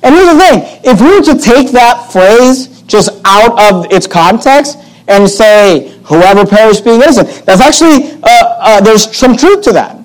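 A man's voice: very high-pitched, very animated, measured pace, few pauses, low-quality recording. A man preaching and teaching through a Bible passage, reading verses aloud and explaining them with emphatic repetition. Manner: emphatic, repeats phrases, reads scripture aloud.

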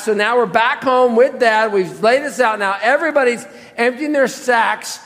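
A male pastor delivering a sermon in a high voice, emphatic and questioning his listeners directly. His words ring out with a long reverb across a church sanctuary. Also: moderate pace, fairly bright tone.

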